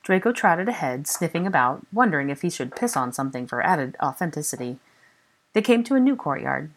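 Woman narrator, deep voice, lively storybook reading. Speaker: fan audiobook reader.

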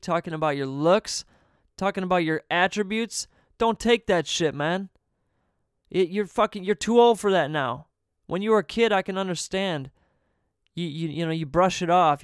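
A man's voice: sits high, clear, resonant tone, dry recording, clean studio sound. A man casually telling a story in a profane, laid-back way, laughing between sentences and dropping "man" often.

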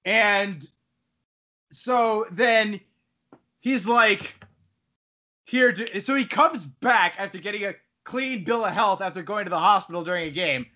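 Guy with a high bright voice, hyped up recapping a game plot, keeps cracking himself up. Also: a little slow, pauses often. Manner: animated storyteller, laughs while talking. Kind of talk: casual chat, retelling a video game story.

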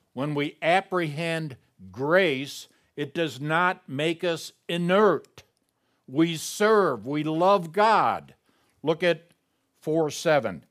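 A man preaching a sermon as pastor, emphatic and reading scripture aloud. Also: medium pitch.

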